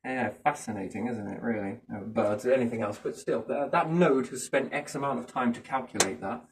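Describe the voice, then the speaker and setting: A man's voice: mid-range voice, a little fast, slight background noise. A man musing in a casual chat, rambling from thought to thought and often asking rhetorical questions. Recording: voice a bit far from the mic.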